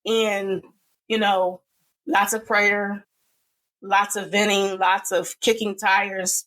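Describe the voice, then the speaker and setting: A middle-aged woman speaking as a podcast guest, giving an earnest and emotional personal testimony with pauses and fillers. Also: mid-range voice, flat delivery, fairly bright tone, rough recording.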